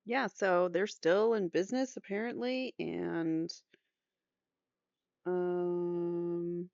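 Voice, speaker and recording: Lady reading trial transcripts, lower voice, jokes around between lines, dull dry sound. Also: steady tone, very slow, creaky, a little mellow, clear, resonant tone, no room sound. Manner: reads both sides of testimony aloud, breaks off with joking asides and laughs. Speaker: host reading court transcripts. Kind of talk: casual reading with asides.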